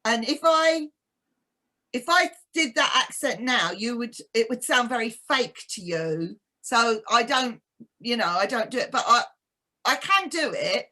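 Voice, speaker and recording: A woman from East London with a softened English accent, chatting casually as a co-host and telling stories. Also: on the high side, measured pace. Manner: chatty storyteller, animated. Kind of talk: casual chat.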